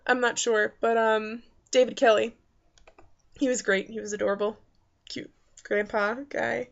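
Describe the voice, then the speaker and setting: A woman talks through a movie review in a loose, rambling way, full of fillers and restarts. Her voice sits a little high with a gravelly fry at the ends of phrases. The recording is dull and lo-fi. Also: flat delivery, measured pace. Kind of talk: casual spoken movie review. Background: faint background noises.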